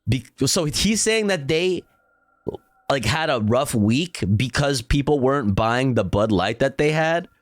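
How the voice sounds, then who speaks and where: A man's voice: medium pitch, lively intonation, measured pace, no room sound. A man streaming, giving casual reaction commentary in a profane, sarcastic, rambling way full of fillers.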